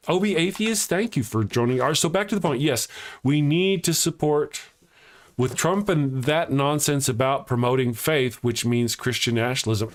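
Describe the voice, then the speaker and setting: A man hosting a casual live-stream show, rambling and joking, laughing often at his own jokes and teasing viewers as he reads their comments. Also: mid-range voice. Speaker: livestream host.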